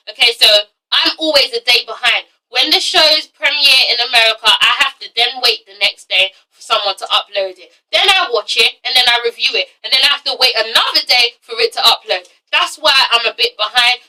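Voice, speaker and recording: A London woman with a London accent reviews TV shows in a casual vlog while battling a cold and cough, chatting bluntly and swearing freely. Her fairly high voice is bright and forceful, captured from a distance on a rough recording.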